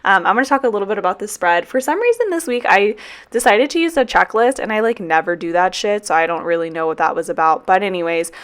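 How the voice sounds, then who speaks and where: A woman's voice: on the low side, quick pace, fairly bright tone, clean tone. A woman in her twenties chatting casually in a voiceover for her planner vlog. She is tired and drained, and she rambles and swears freely. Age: 20s. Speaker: planner vlogger and teacher.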